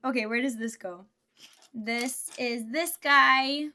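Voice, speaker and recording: A woman's voice: a little high, takes it slowly, sharp tone. A woman livestreamer chatting casually and laughing often, thinking aloud as she builds Lego.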